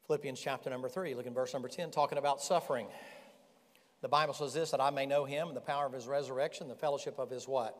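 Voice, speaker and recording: A man's voice: medium pitch, fast talker. Folksy preacher man in a big reverberant hall. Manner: folksy, animated preaching with rhetorical questions. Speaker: pastor. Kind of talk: sermon. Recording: long reverb in a large hall.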